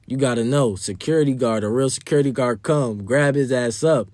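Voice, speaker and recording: A man's voice: medium pitch, brisk, few pauses, darkish tone, dry recording. A young man telling a wild party story in a casual, slangy and profane way. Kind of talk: storytime vlog.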